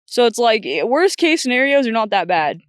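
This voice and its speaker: A woman's voice: a little high, big pitch swings, a little fast, no echo. Blunt, chatty young woman, dry sound. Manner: blunt, chatty, quotes herself a lot. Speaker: podcast guest. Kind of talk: casual chat.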